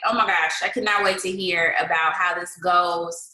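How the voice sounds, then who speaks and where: A woman's voice: lowish voice, steady tone, moderate pace, pushed and bright. A woman hosting a motivational livestream, reading viewers' comments aloud, cheering them on and leading a prayer. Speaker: livestream host. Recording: roomy echo.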